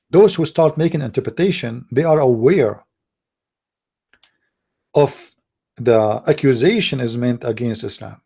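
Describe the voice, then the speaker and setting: A man's voice: mid-range voice, vocal fry, dark tone, breathy edge. A man hosting a call-in show, lecturing in a scornful, heated way and repeating himself, in non-native English. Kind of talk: heated monologue.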